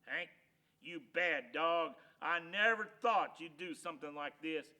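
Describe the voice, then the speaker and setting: A stern grown rancher who scolds with firm, weighty disappointment, as a man puts him on. His voice is loud, tense and forceful. Storybook reading. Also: on the high side, normal speed. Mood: scolding.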